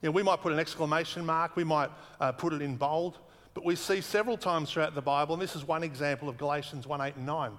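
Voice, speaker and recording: A man's voice: on the high side, fairly even intonation, fairly bright tone. Guy preaching a sermon, earnest, leans on repeated words, big reverb behind him. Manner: earnest, emphatic repetition, slows for weight.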